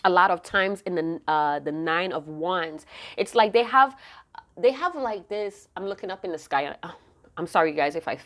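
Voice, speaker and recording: A woman's voice: on the low side, normal speed, a bit bright. A woman giving an intuitive tarot reading to camera, emotive and rambling, often breaking off mid-thought to restart. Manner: rambling, emotive, self-interrupting. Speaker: tarot reader.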